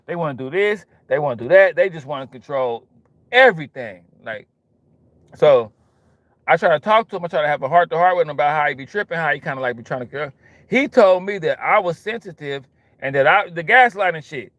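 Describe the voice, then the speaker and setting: Man, quick delivery, slightly high voice, dry close sound, slangy and animated. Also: no echo, muffled recording. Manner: animated, street slang, repetitive. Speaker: host. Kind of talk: casual monologue.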